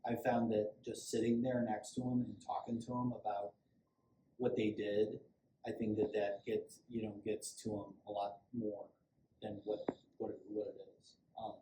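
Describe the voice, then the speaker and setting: A man's voice: lowish voice, little pitch movement, moderate pace, mellow. A middle-aged man, a police sergeant, giving a casual safety training talk in a conversational, rambling way with frequent restarts. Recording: echoey room, faint background hum.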